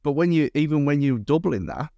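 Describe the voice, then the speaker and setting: A man's voice: fairly high pitch, lively intonation, brisk, creaky, warm tone, dry recording, muffled recording. Rambling English man on a podcast. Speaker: podcast co-host. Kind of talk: casual chat.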